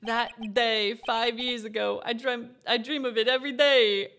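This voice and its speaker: A woman voicing a weary male convict who speaks halting, broken English in an uncertain put-on accent, reading game dialogue aloud. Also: very high-pitched, big pitch swings, a bit bright, voice pushed up, heavily acted. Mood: mournful.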